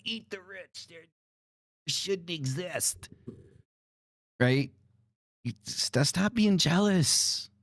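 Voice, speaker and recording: This male podcast host delivers a fired-up, casual rant loaded with swearing and fillers like "like" and "right?". The studio-quality recording has no echo, and his voice sits at medium pitch.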